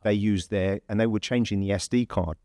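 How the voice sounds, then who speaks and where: An English man with a fairly low voice tells a story in a loose, conversational way. He restarts sentences and leans on fillers as he goes. The sound is close and dry. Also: fairly even intonation, fairly quick, dark tone, no echo. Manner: chatty, rambling storyteller with many fillers and restarts. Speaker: podcast host. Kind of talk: casual anecdote telling.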